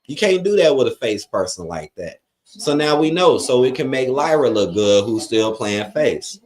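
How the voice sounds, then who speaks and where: A man's voice: medium pitch, lively intonation, moderate pace, darkish tone. A man hosting a live watch-along stream, reading chat comments aloud and giving blunt, profane opinions in a loose, rambling way. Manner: loose, rambling with frequent fillers.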